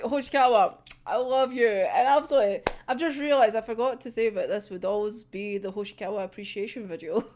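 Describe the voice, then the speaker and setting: A woman casually recapping a manga chapter, laughing often and swearing freely. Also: sits high. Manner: giggly, sweary, animated storytelling. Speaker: manga reaction vlogger.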